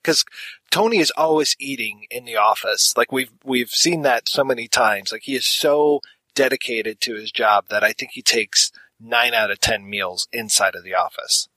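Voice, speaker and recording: Bright-voiced male podcast co-host. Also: mid-range voice, normal speed, no room sound, poor audio. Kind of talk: casual podcast discussion.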